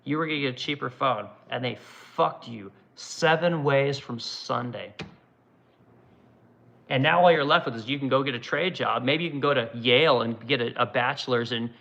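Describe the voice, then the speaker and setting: Gravelly, profane middle-aged man ranting. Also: medium pitch, pushed and bright. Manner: angry, profane, repetitive "right?". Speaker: woodworking livestream host. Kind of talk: profane livestream rant. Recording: dull lo-fi sound.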